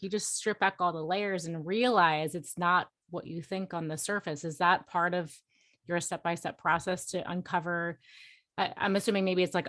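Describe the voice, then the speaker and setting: Low-voiced woman podcast host. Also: a bit bright. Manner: thoughtful, asks questions as she thinks aloud. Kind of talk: podcast interview.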